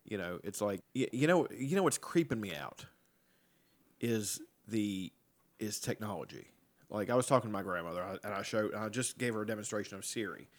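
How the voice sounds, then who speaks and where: A man in casual podcast chat, swearing freely, laughing often, and slipping into loud impressions. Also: fairly low pitch, expressive, fairly quick.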